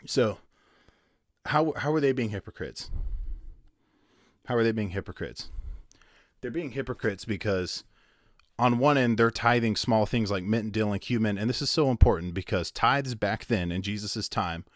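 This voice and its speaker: A man's voice: on the low side, moderate pace, pauses often, no room sound, clean studio sound. A man teaching the Bible in a casual video, rambling and conversational with many asides and fillers. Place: at home with his wife behind the camera.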